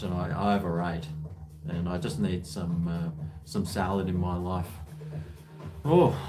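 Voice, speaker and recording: A man, hosting a casual home livestream, tired and rambling with many fillers and restarts. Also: deep voice. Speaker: livestream host. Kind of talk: casual livestream chat while drinking.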